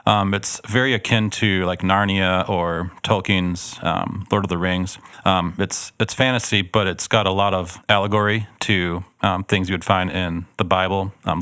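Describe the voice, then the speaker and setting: A man's voice: low-pitched, fairly bright tone, dry recording, clean studio sound. A man co-hosting a church podcast, recommending a book series in a loose, rambling way full of ums. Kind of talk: casual book recommendation chat.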